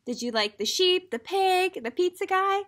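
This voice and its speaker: A teacher reads a picture book aloud to young children and keeps turning to talk with them. Her voice is high and very animated, rising and falling as she tells the story. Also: normal speed. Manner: animated storybook reading, addressing kids directly.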